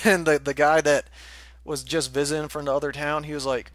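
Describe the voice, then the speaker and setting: A man's voice: fairly high pitch, level tone, a little fast, a bit bright. Laughing young man telling a story. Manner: laughs often, swears freely, rambling. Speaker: forum moderator telling a story. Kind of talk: casual storytelling commentary.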